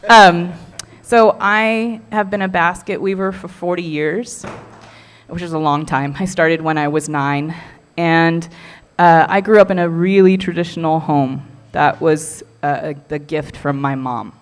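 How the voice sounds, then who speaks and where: A woman's voice: fairly low pitch, fairly even intonation, measured pace, smooth. A middle-aged woman who weaves baskets, giving a heartfelt, earnest talk to a community workshop audience. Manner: heartfelt and earnest, with soft laughs.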